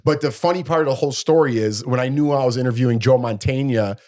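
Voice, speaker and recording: A man co-hosting a casual chat, telling a story with lively acted-out quotes. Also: medium pitch, fast. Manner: animated storyteller, acts out quotes. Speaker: podcast co-host.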